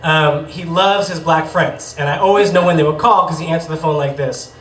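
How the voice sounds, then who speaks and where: A man's voice: on the high side, brisk, fairly bright tone. Wry male storyteller in an echoey bar. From Boston area, US. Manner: self-deprecating, wry, conversational. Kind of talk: live personal storytelling, humorous. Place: bar stage with a live audience. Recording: echoey room, far from mic, noisy.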